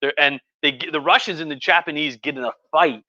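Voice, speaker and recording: With a voice on the high side and a sharp tone, he speaks a little fast over a dry recording missing its highs. The wine-drinking history lecturer rants casually on his live stream, swearing a lot, wandering off topic and slipping into mock voices.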